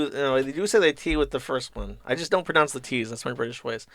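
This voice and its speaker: A man's voice: medium pitch, fast talker, few pauses, fairly bright tone, dry recording, studio quality. A man hosting a livestream, reading paid donations aloud and answering them with mocking, profane commentary. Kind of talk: casual commentary stream.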